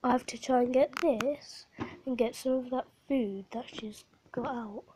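A woman's voice: fairly high pitch, a little slow, noisy background. A woman vlogging with her pet hamster while unwell and short of breath, often dropping to a whisper and cooing at her pet. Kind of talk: casual vlog, talking to her hamster.

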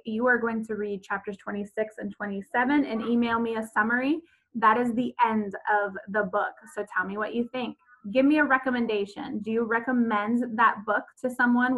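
A woman's voice: on the high side, steady tone, a little fast, a bit bright, highs cut off. A woman teaching fourth graders in a remote class lesson, patient and repetitive, with frequent ums as she walks through each step.

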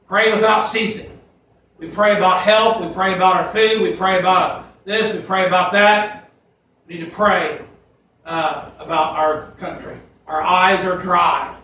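A man delivers an emphatic, folksy sermon, his voice sitting high and bright. He is picked up from a distance in a church sanctuary with heavy echo and a faint hiss underneath. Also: fairly even intonation, unhurried. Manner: folksy, emphatic preaching with scripture quotes. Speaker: pastor. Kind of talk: fiery sermon.

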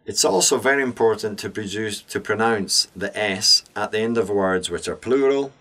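Slow, deep-voiced male English teacher. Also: a bit bright. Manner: slow, deliberate, clearly enunciated. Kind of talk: scripted lesson narration.

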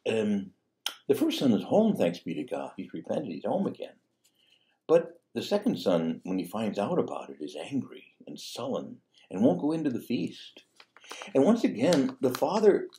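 A man's voice: medium pitch, dark tone. A man, a priest, teaching a parable in a conversational sermon style, full of rhetorical questions and asides. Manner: conversational, peppered with "you know" and "see?", rhetorical questions.

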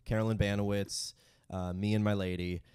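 A man with a low voice, chatting as a comedy podcast co-host. His delivery is laid-back and rambling, and the sound is close and dry with no room around it. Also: flat delivery, moderate pace, darkish tone, clean tone, no room sound. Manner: laid-back, rambling storyteller who laughs often. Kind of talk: casual chat, storytelling.

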